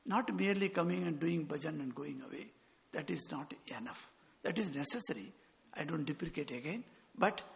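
A man's voice: on the high side, vocal fry. A man, a monk giving a sermon with earnest storytelling and quoted dialogue. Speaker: monk giving a spiritual talk. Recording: long hall reverb.

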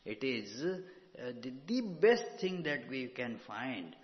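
A male spiritual teacher lectures at an unhurried pace, pausing often to gather his words. He speaks into a microphone in a hall, and the reverb rings long behind him. The recording is muffled and lo-fi. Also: mid-range voice, sing-song. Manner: slow, measured, with frequent pauses and fillers. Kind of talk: scripture lecture.

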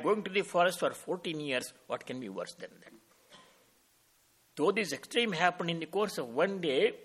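In a devotional discourse, a man acting as a spiritual teacher tells a sacred story slowly and calmly, pausing to explain Sanskrit terms. His voice is husky and fairly high in pitch.

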